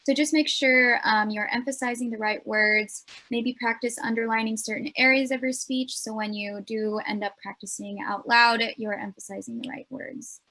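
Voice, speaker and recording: A woman's voice: fairly high pitch, steady tone, normal speed, hardly any pauses, sharp tone. A young woman presenting a student speech workshop in an earnest, explanatory way, with frequent ums.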